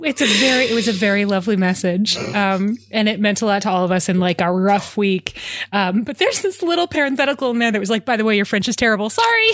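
A woman in her thirties with a Midwestern US accent, co-hosting a podcast in casual chat, self-deprecating and quick to laugh. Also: medium pitch. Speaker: podcast co-host.

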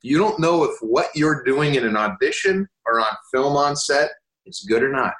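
A man's voice: medium pitch, animated, moderate pace, fairly bright tone, roomy sound, low-quality recording. A man, an actor and guest, talking in a rambling, candid, self-deprecating way with casual swearing.

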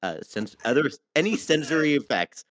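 A man hosting a casual podcast chat, bossy and quick to keep the talk in line. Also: on the high side, big pitch swings, a bit bright, no echo.

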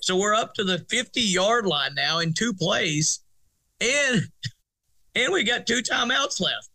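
Middle-aged man, bright tense voice, fairly high, animated storyteller. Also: takes it slowly. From Arkansas, USA. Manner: animated, rambling restarts, laughs through story. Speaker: high school football coach, guest. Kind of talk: storytelling interview.

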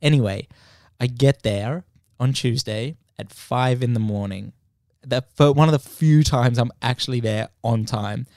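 A man hosting a podcast, telling a story in a lively, swear-filled way and acting out the people in it. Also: medium pitch, a little slow, no room sound, studio quality. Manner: animated, swears freely, acts out the story. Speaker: podcast host. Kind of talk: casual chat storytelling.

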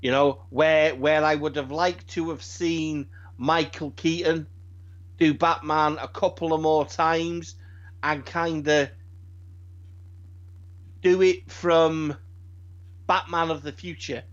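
A high-pitched man from Britain talks in a loose, rambling way, swearing and stumbling over his restarts. The recording sounds dull and lo-fi. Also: takes it slowly, long pauses. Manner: rambling, animated, swears freely, frequent restarts. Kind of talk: casual chat.

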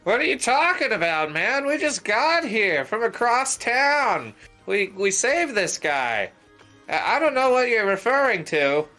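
High, bright-voiced man at a game table. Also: big pitch swings, unhurried, soft background music. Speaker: player. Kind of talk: tabletop game play, in and out of character.

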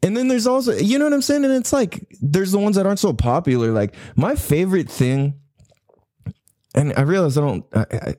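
A man talks in a loose, rambling monologue, cursing freely and laughing between thoughts. His voice sits a little high and swings widely in pitch, and the sound is dry and close. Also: lively intonation, mellow, no room sound. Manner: rambling, profane, laughing, slips into quick impressions. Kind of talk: casual monologue.

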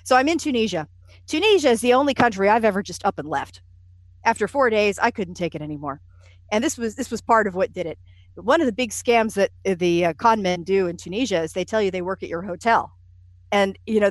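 Woman guest, anecdotal and chatty, middle pitch, dry close sound. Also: a little fast, no echo. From United States. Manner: lively, self-deprecating storyteller with frequent "uh" and "you know". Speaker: interview guest. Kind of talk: conversational storytelling.

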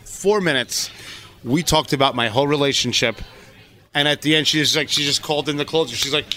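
Man, high voice, animated storyteller who mimics people, restaurant meal. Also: fast talker, faint music behind. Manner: lively, mimics others in quotes. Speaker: podcast co-host. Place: restaurant table over a meal.

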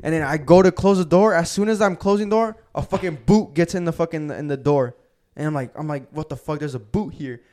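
A man's voice: fairly high pitch, brisk. A young man, co-host of a podcast, telling party stories in casual chat, swearing and saying "bro" often. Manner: profane, animated storyteller, says "bro" a lot.

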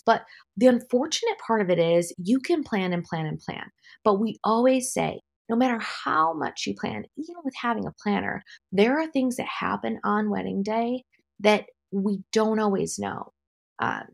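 A woman wedding planner hosting her own podcast, giving calm, practical advice in a conversational way with the odd light laugh. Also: medium pitch, creaky. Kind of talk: solo podcast talk.

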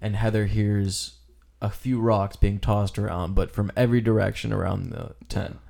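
Man, low and warm-toned, laid-back podcast chat about films. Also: moderate pace, vocal fry. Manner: relaxed, recaps plot in detail. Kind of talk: casual film discussion.

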